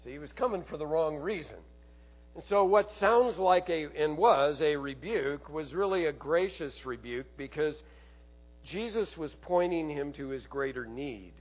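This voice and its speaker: A man preaching a sermon as a pastor, earnest, asking rhetorical tag questions and sinking to quiet emphasis. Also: on the high side, expressive, a little slow, highs cut off.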